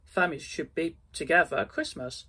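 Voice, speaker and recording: Eager young nephew voiced by a male reader, bright lifted tone, quick, storybook. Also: on the high side, animated, husky, heavily acted.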